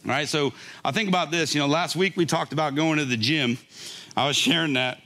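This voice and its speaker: A man's voice: a little high, a little fast, bright, forceful tone. An older man preaching a conversational sermon, often laughing and checking in with a "right?". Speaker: pastor.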